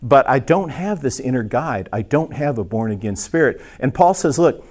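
A man's voice: medium pitch, expressive, normal speed, darkish tone. A man teaching a church class in a casual, conversational sermon style, self-deprecating, with many fillers and restarts.

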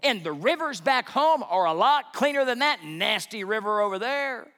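A man's voice: high voice, lively intonation, normal speed, sharp tone, pitched above the performer's own voice. A man voicing an indignant, proud army commander who rants about being disrespected. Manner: ranting, offended, self-important.

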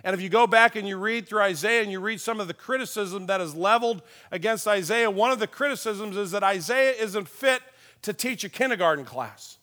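A man, a pastor, giving a conversational sermon with personal stories, dropping softly on key points. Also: sits high, brisk. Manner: folksy, tells personal stories with chuckles.

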